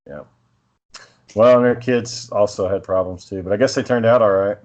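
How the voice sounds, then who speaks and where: A man's voice: fairly low pitch, normal speed, darkish tone, lo-fi sound. A man co-hosting a podcast, telling a rambling, profane story in a casual, laid-back way. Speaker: podcast co-host.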